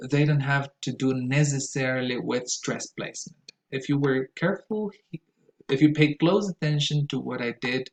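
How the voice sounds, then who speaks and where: This pronunciation lesson comes from a man with a gravelly, medium-pitched voice who explains patiently and says each word more than once for emphasis. It's delivered lecture-style in an echoey classroom.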